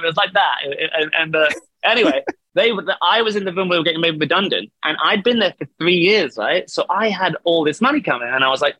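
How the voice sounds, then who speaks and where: Casual man, rambling storyteller with a bright, slightly high voice; video call. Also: expressive, fast talker, dry recording. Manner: rambling storyteller, laughs often, swears. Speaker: band vocalist, guest.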